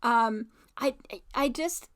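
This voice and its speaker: A high-pitched woman in casual chat, co-hosting a podcast. She answers plainly and dryly, amused at her partner's habits. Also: takes it slowly, background noise. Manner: dry, matter-of-fact, amused. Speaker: podcast co-host.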